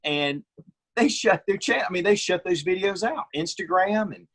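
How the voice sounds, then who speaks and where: Middle-aged male guest, husky, raised voice register, opinionated storyteller. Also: high voice, animated, moderate pace, fairly bright tone. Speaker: guest, firearms reviewer. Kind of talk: casual interview chat.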